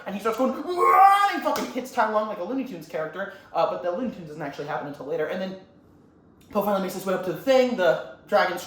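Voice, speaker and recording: A young man who rambles and swears a lot as he retells a movie scene in a casual, comic way. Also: high voice. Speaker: YouTuber. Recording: roomy echo, faint ambient noise.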